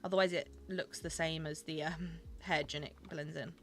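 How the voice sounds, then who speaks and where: A woman's voice: low-pitched, steady tone, normal speed, a bit bright. A young woman chatting casually with her viewers while she plays and streams a game, gushing over small things.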